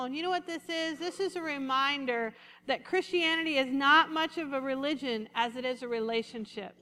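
A woman pastor giving a lively, conversational sermon and calling out to her congregation. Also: high voice, long reverb tail. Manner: lively, conversational preaching with congregation call-outs.

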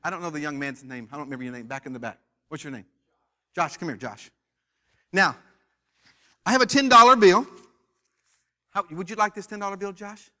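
A man from the United States preaching in a church, with a high, bright and forceful voice. He leads the congregation in call-and-response and teases its members in a playful way. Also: brisk, long pauses. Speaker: pastor. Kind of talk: sermon.

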